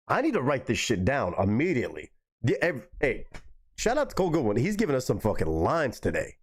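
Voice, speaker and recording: Excitable swearing man reacting to music. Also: medium pitch, moderate pace, husky. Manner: excitable, profane, repeats lines in disbelief.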